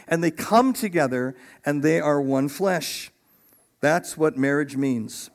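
A middle-aged man preaching a sermon as pastor, animated and acting out voices of biblical figures. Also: fairly high pitch, takes it slowly.

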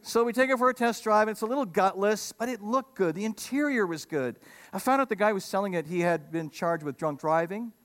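Middle-aged male pastor, high voice, lively sermon with joking asides. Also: brisk. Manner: animated preaching with sudden loud emphatic lines and humorous asides.

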